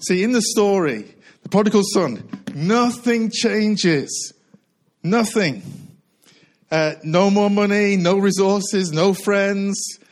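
A middle-aged male pastor preaching a sermon, a little out of breath, repeating key lines and slowing down hard to stress them. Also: high voice, poor audio. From United Kingdom. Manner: earnest preaching with repetition and slow emphatic phrases.

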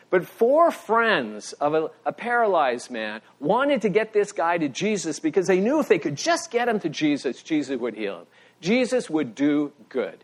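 A middle-aged man preaching a sermon as pastor, telling stories with animated emphasis and a voice that rises when he makes a point. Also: fairly high pitch. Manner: animated storytelling, voice rising for emphasis.

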